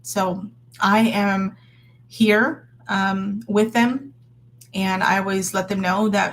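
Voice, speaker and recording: A woman's voice: medium pitch, flat delivery, slow pace, slight background noise. A woman in her thirties talking casually and earnestly to her viewers, encouraging and full of fillers and restarts. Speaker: vlogger. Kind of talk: casual faith vlog talk.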